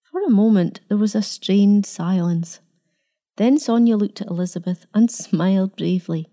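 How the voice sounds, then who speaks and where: A woman reading a novel aloud in a measured, dramatic storytelling manner. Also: medium pitch, dark tone. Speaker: narrator. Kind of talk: scripted narration.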